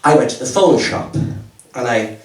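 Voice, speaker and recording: A man's voice: mid-range voice, expressive, normal speed. A man, rambling and stammering with self-mocking asides. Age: 70s. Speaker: stand-up comedian. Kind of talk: stand-up comedy set. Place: comedy club stage. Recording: roomy live audio from far off. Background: audience laughter.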